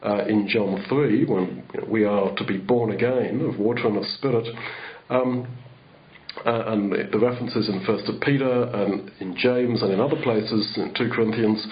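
A man's voice: fairly low pitch, fairly even intonation, a little slow, muffled recording, slight background noise. A man giving a sermon in a rambling, conversational way, full of restarts. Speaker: preacher.

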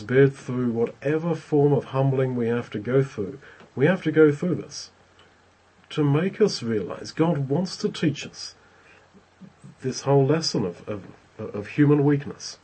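A man preaching a sermon on a scripture passage. He speaks in a thoughtful, halting way, often repeating words as he searches for how to say things. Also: medium pitch, dark tone, breathy edge, rough recording.

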